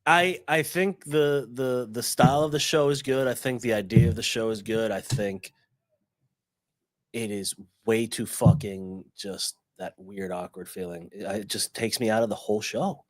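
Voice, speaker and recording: A man's voice: fairly low pitch, steady tone, normal speed, no room sound. A man co-hosting a podcast who complains bluntly and with some exasperation, swearing freely. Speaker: podcast co-host. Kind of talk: casual chat.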